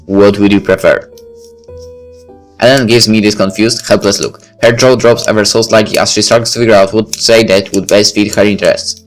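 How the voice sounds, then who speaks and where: A man with a lowish voice reads a visual novel aloud in the first person. He slips into relaxed, offhand asides between passages. Quiet music plays faintly underneath. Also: moderate pace. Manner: casual asides between narration. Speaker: let's play reader.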